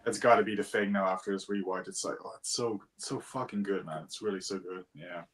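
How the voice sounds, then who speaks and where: A young man chatting on a podcast, enthusiastic and quick to laugh. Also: sits low, fairly bright tone. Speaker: podcast co-host. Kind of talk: casual chat.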